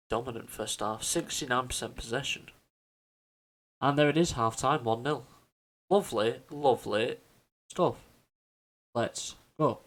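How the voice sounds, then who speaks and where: A man's voice: medium pitch, sharp tone. A man giving casual, chatty commentary over a football management game, often stumbling over names and correcting himself. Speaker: gaming YouTuber.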